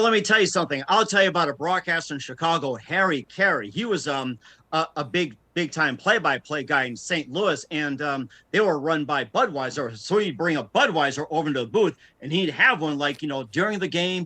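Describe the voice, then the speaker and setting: A man's voice: a little high, sharp tone. A man, a radio talk show guest, telling stories in casual chat and laughing often.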